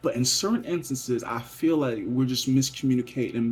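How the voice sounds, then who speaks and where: A man's voice: medium pitch, moderate pace, few pauses, darkish tone, a little hiss or hum. A young man vlogging a rambling, profane late-night monologue that drifts between mutters and whispers.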